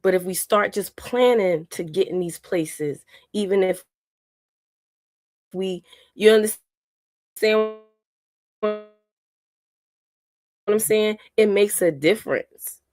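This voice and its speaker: A woman's voice: mid-range voice, takes it slowly, long pauses, a little mellow, no room sound. A woman talking earnestly on a podcast, rambling and restarting her sentences. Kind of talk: casual chat.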